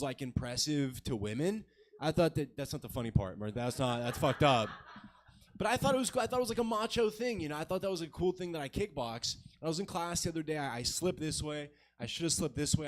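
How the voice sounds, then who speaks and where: A man's voice: a little high, expressive, fast. A man in his twenties doing a crude, self-mocking stand-up set on a comedy club stage. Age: 20s.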